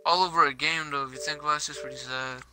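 A man's voice: on the high side, fairly even intonation, very fast, pushed and bright, soft background music. A young man trash-talking a friend over game voice chat, crude and taunting, swearing constantly. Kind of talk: crude trash-talk roasting.

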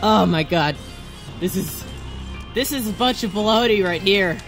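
An excitable young man narrates his gameplay, bursting into yelps and frustrated screams, then grumbling at himself in self-mocking rants. Background music plays steadily behind his voice. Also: sits high, unhurried. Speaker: let's play gamer. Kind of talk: gameplay commentary.

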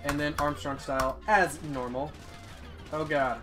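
Young male let's-play host, excitable commentary, somewhat high voice, music under. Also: unhurried. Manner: excitable, swears and yelps at the game. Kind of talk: casual gameplay commentary.

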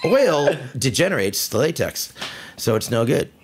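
A man hosting a podcast in casual banter, excitable and often laughing. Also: medium pitch, moderate pace, slight background noise. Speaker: podcast host. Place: indoor room.

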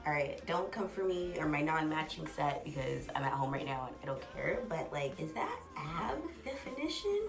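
A woman in her late twenties chatting casually at home as a vlogger, full of fillers and quick laughs. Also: deep voice, sing-song, vocal fry. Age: late 20s. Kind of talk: casual vlog chat.

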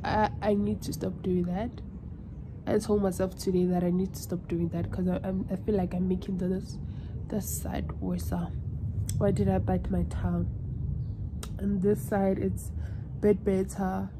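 A woman's voice: mid-range voice, flat delivery, measured pace, noisy background. A South African woman in her twenties chatting casually in a vlog, emotional and switching languages mid-sentence. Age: 20s. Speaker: vlogger.

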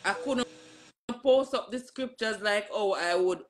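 Slow, emphatic woman telling a story. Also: mid-range voice, slight background noise. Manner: emphatic storyteller who re-enacts dialogue with many "I said". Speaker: church member giving a testimony to her pastor. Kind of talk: casual spoken testimony.

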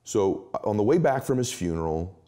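A middle-aged man speaking as an interview guest, telling motivational stories with emphatic, animated delivery. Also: lowish voice, moderate pace.

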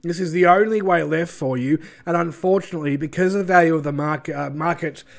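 A man playing a male scammer who gives a falsely sympathetic sales pitch while buying up people's ships. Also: a little fast, creaky. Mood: fake sympathy. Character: smooth-talking male ship-buying scammer.

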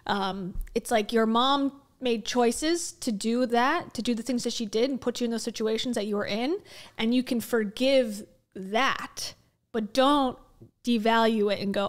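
A woman with a slightly high voice hosts a casual reaction commentary. She speaks candidly and bluntly and lets the odd swear word slip. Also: moderate pace. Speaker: commentary host.

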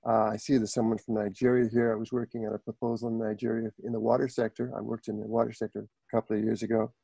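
Canadian French-accented male speaker, gravelly and mellow, halting delivery full of fillers, dry close sound on a video call. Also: fairly low pitch, level tone, no room sound. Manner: hesitant, many filler words and throat clearing.

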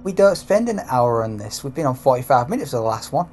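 A woman's voice: a bass voice, very animated, fast talker, darkish tone, slight background noise. A woman with a British accent, bantering and joking in casual talk while streaming a ghost-hunting game. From Britain. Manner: joking, cheeky, mock-pleading.

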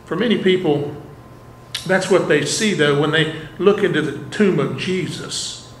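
A man's voice: fairly high pitch, a little slow, a little hiss or hum. A man preaching a sermon as a pastor, earnestly putting rhetorical questions to his congregation. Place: church sanctuary. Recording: echoey church room, faint ambience.

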